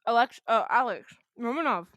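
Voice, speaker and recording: A woman's voice: a little high, expressive, moderate pace, a bit bright, dry recording. A woman from Florida co-hosting a podcast, chiming in with blunt, wisecracking, sweary reactions. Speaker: podcast co-host. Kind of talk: casual chat.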